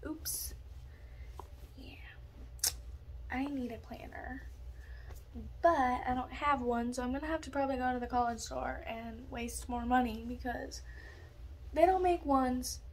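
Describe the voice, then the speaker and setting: Young woman, high voice, scattered ranting vlog talk, dorm room, faint room hiss. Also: normal speed. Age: young adult. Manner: scatterbrained, ranting, swears casually. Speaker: vlogger. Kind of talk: casual vlog chat.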